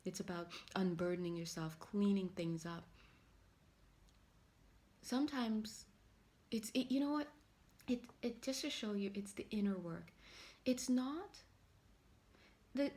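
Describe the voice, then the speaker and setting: A woman's voice: medium pitch, a little slow, long pauses, darkish tone. Woman tarot reader, casual and rambling, playful asides, middle-range voice. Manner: rambling and chatty, with playful asides and acted-out quotes. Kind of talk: casual spiritual tarot reading.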